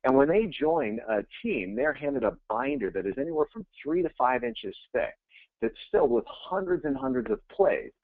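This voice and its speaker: A male coach talks through a webinar with a lively, rising and falling delivery and a gravelly edge in his voice. His words come over a thin, phone-like line with no room sound around them. He speaks casually and with energy, repeating phrases for emphasis. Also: on the high side, normal speed, no echo. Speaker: real estate coach. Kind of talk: webinar presentation. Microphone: webinar audio feed. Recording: tinny phone-like line, dry.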